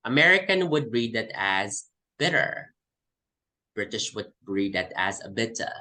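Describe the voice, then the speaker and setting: A man's voice: lowish voice, big pitch swings, moderate pace, sharp tone, poor audio. A man from the Philippines, teaching an English test class and explaining by repeating example words. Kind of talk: online class lesson.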